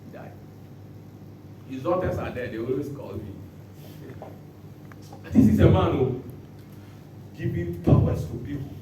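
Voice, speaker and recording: Man, pastor, preaching, sudden shouts, lively pitch, distant mic, very echoey hall. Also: a little slow, long pauses, muffled recording, slight background noise. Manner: animated preaching with sudden shouts and dramatic quotes. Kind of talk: sermon.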